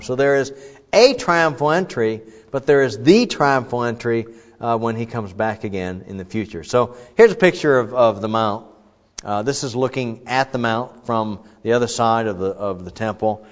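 A man gives a sermon in a loose, conversational way, full of fillers and false starts. Now and then he shouts loud and high as he acts out the crowd. His voice rings with a long hall echo and sounds slightly dull. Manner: conversational with many fillers and restarts. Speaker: preacher.

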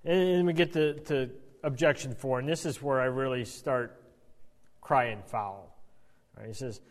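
A man teaching a conversational Bible lesson with animated, wry asides and frequent stammered restarts, in a reverberant hall. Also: mid-range voice, measured pace.

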